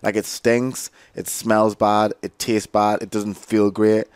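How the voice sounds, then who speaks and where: Young male co-host, low-pitched, blunt and teasing, dry close sound. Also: flat delivery, slow pace, clean tone, no room sound. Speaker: podcast co-host. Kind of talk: casual podcast chat.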